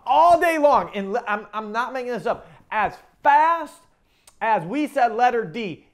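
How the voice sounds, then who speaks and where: High-voiced man preaching a casual sermon. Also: a bit bright. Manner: conversational, checks in with "okay?" and "right?"; repeats and restarts phrases while talking. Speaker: pastor.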